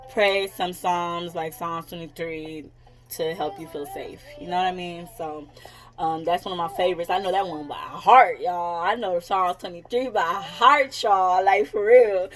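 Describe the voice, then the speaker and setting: A woman's voice: on the low side, unhurried, poor audio. A woman in her thirties, a psychic coach, talking in a casual vlog, candid and blunt, swearing freely and often laughing. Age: 30s.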